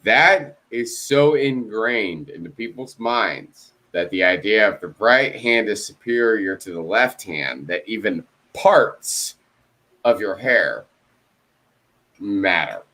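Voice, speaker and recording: A man's voice: lowish voice, lively intonation, takes it slowly, bright, forceful tone. A man in a casual video-call chat, telling a story with lots of swearing and acting out both sides of phone calls. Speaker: co-host.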